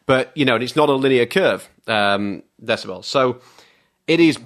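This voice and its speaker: A man's voice: medium pitch, moderate pace. A man, a car journalist, chatting as a podcast guest in an enthusiastic, rambling storytelling way. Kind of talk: casual podcast chat.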